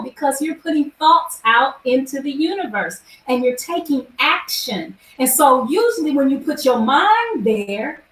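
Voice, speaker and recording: An American woman hosting a live wellness event, animated and leading the audience through a repeated phrase. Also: sits high. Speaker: event host. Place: large echoey event room. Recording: echoey room, voice from afar.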